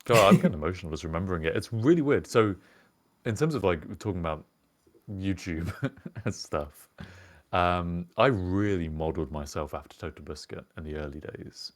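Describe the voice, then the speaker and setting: A man's voice: low voice, moderate pace. A young British man co-hosting a casual podcast, rambling and reflective, swearing now and then. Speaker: podcast co-host. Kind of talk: casual chat.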